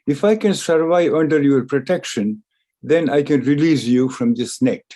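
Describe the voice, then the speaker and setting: A man voicing a cautious, clever male mouse who answers calmly and deliberately in a spoken story. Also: a little high, lightly acted. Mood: wary. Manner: calm, measured, reasoning.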